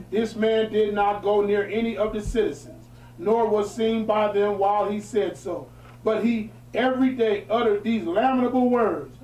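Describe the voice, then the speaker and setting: A man with a very high voice reads an old historical account aloud to a small group and stops often for plain-spoken, emphatic preaching asides. He sounds distant from the mic, and his voice bounces around a roomy space. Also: a little mellow, highs cut off. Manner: switches from formal reading to emphatic colloquial asides. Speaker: religious teacher. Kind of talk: reading a historical text aloud with preaching commentary. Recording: echoey room, distant mic.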